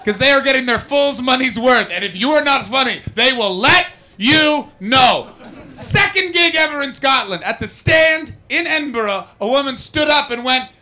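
A man's voice: extremely high pitch, animated, brisk, hardly any pauses, bright, forceful tone. A man doing stand-up crowd work on a comedy club stage. He is brash and profane, and he teases audience members. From not from the UK.

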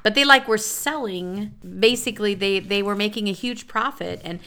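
Bright-voiced woman, rambling co-host. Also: mid-range voice, normal speed, clean tone. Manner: rambling, self-correcting, laughs often. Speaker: podcast co-host. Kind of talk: casual chat.

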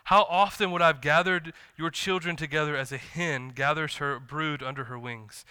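A man's voice: on the high side, steady tone, normal speed, sharp tone, smooth, dry recording. A man preaching a sermon in church, talking conversationally and acting out the dialogue of the scriptures he quotes. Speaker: pastor.

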